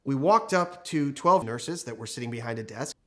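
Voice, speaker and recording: A male training consultant recounts a workplace case study in a chatty, anecdotal way, acting out the people he quotes. His voice is medium-pitched, expressive and slightly bright, moving at a moderate pace.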